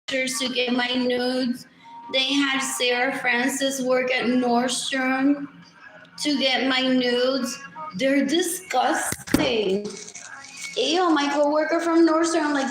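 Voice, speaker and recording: A woman's voice: high-pitched, fairly even intonation, slow pace, reverberant, soft background music, rough recording. A woman livestreaming a rambling, repetitive monologue, muttering and switching between languages.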